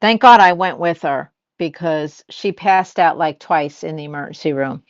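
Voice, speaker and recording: A woman's voice: deep voice, normal speed, no room sound, highs cut off. An older woman chatting casually as a host, telling family stories and acting out what people said. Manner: storytelling, acts out quoted lines. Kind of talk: casual chat.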